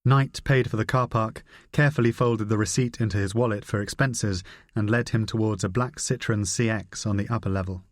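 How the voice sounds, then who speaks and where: Guy narrating an audiobook, lowish voice, steady dry read, no room sound at all. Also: fairly quick, no room sound. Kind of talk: scripted narration.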